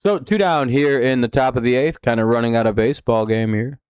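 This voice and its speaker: Casting: man, stream host, mid-pitched, cursing and rambling, dry close mic. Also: brisk, a little mellow, smooth, no room sound. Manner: profane, rambling, with many fillers and restarts. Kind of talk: casual live-stream commentary.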